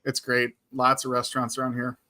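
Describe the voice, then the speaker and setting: Bright-voiced, chatty man. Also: medium pitch, completely flat delivery, brisk. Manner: chatty, enthusiastic. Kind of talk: casual live-stream chat.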